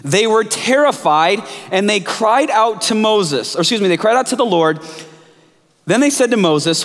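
A male pastor delivering a sermon in an animated storytelling manner. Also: sits high, normal speed. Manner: animated storytelling, jumps into character voices. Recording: echoey hall.

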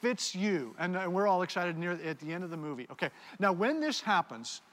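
A man's voice: sits high, animated, brisk, fairly bright tone. A man preaching a sermon, animatedly directing volunteers on stage. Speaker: pastor. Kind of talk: sermon with audience participation skit. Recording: long hall reverb.

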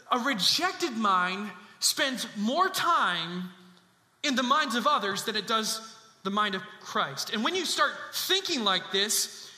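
A man preaching a sermon as pastor, emphatic and animated, repeating key lines for weight. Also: very high voice. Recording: echoey church hall with long reverb.

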